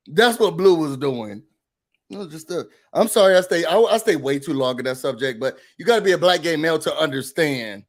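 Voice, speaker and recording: Here the recap show host moves briskly through his animated recap and rant. A man with a high voice, he sounds sassy and expressive, and he parrots quotes in an exaggerated high pitch.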